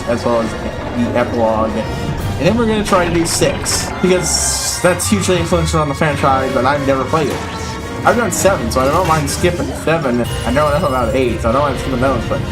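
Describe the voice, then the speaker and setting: A man streaming a video game and giving casual, excitable commentary, swearing freely. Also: mid-range voice. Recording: voice filter, music behind.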